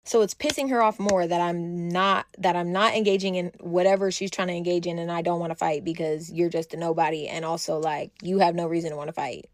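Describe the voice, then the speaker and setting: A young woman telling a storytime monologue in a blunt, animated way, acting out quotes. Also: lowish voice, fairly quick, no echo, clean studio sound.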